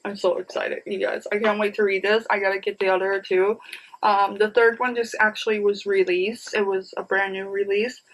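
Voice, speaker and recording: Rambling happily through a casual haul of new books, a woman in her thirties keeps addressing viewers as "you guys." Her medium-pitched voice is level and a bit bright, she speaks at a moderate pace, and the audio quality is poor.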